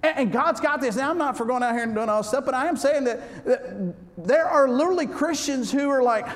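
High-voiced preacher joking from the pulpit. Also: male voice, expressive, fairly quick. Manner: folksy, joking, shifts between loud and soft. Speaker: pastor. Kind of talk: humorous sermon. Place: church sanctuary. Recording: reverberant hall with faint background noise.

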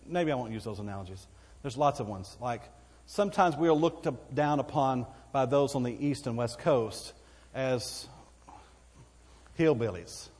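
A Texan pastor with a mid-range, slightly mellow voice preaches a sermon in a church sanctuary. He's folksy and conversational, asking the congregation for amens, and long church hall reverb fills the recording.

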